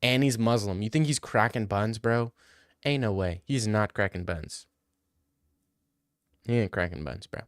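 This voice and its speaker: A man's voice: on the low side, unhurried, pauses often, clean tone, no room sound, clean studio sound. A young man rambling through crude comedic riffs, laughing as he goes.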